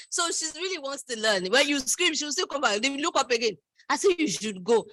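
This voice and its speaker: A woman's voice: high voice, brisk. A middle-aged woman speaks at a graduation ceremony. She tells her stories with energy and slips into the voices of the people in them. Her voice sounds close and dry, with no room echo. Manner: storytelling, lively, quotes others in voices. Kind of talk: speech.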